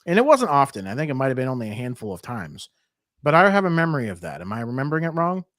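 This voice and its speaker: A man's voice: mid-range voice, sing-song, fast talker, fairly bright tone, no room sound, clean studio sound. A man in his thirties co-hosting a podcast, blunt and joking in casual profane chat. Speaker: podcast co-host.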